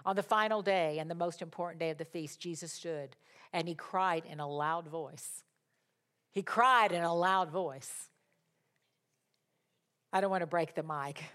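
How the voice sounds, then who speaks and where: A woman preaching a sermon, rising to loud, impassioned declarations and dropping to soft, chatty asides. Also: low voice, normal speed.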